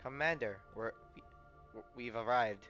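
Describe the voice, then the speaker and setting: A man reading out a frightened little girl from a game who speaks in short, broken phrases. the voice stays fairly plain and low. the sound is a little muffled, with quiet game music behind. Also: a little slow, lightly acted. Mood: pleading.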